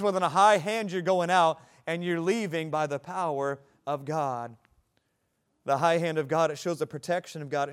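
Pastor guy preaching, kinda high voice, keeps building and repeating lines. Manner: preaching with rising emphasis and repeated phrases. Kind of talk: sermon.

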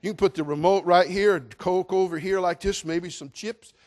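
A man preaching a humorous sermon, telling a comic story with animated delivery and sudden loud exclamations. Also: sits high, moderate pace. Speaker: pastor.

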